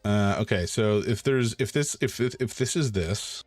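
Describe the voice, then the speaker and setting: A man hosting a charity live stream, chatting casually while he draws and thanking donors in an excitable, joking way. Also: lowish voice, moderate pace, no room sound, faint music behind.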